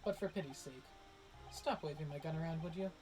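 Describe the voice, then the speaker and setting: A man's voice: a little high, brisk, music in the background, natural voice. A man voicing a fussy elderly pawnbroker who talks in a prim, formal way. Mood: stern.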